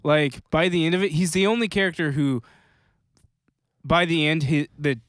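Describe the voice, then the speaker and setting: A man's voice: on the high side, fairly bright tone, no room sound, studio quality. A man co-hosting a podcast, chatting casually about a series, with lots of restarts and fillers. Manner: rambling, halting restarts and fillers. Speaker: podcast co-host. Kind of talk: casual chat.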